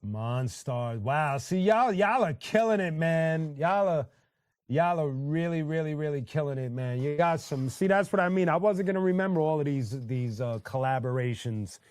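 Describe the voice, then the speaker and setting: A man's voice: a little high, animated, moderate pace, darkish tone, clear, resonant tone, no room sound. Laid-back man hosting a music stream. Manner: laid-back, loose, full of fillers and restarts, greets chatters by name. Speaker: livestream host reading chat. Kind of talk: casual chat.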